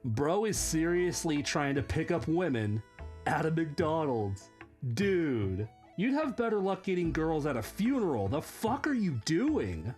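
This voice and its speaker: A woman delivering comedic commentary as the host of a reaction video, her tone sarcastic and mocking. Her pitch swings widely as she exaggerates, and faint music sits under her voice. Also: big pitch swings, unhurried, darkish tone.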